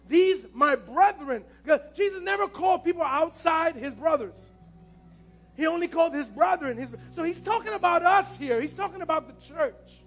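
A man's voice: very high-pitched, a bit bright. A man preaching a passionate sermon as pastor, repeating his key phrases.

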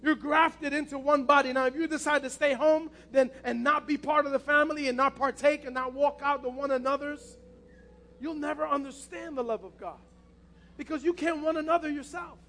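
A man's voice: very high voice, steady tone, fairly quick, bright, forceful tone, a little hiss or hum. A man preaching a passionate sermon as pastor, repeating his key phrases.

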